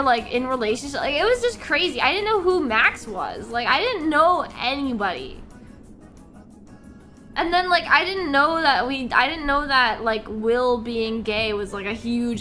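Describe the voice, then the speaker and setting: A woman's voice: high voice, pushed and bright. A young woman streaming as a VTuber, chatting casually with viewers in a rambling, giggly way full of restarts and fillers. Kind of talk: casual live-stream chat.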